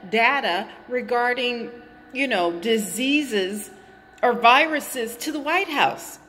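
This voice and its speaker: A woman's voice: a little high, animated, slow, pushed and bright, in a large hall, a little hiss or hum. A woman vlogging from a hot garage, rambling and indignant as she repeats her points while chewing gum. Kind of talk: casual opinion vlog.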